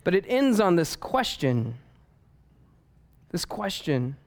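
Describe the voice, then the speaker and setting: Animated man preaching a sermon. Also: high-pitched, slow pace. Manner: animated storytelling with humor. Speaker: pastor.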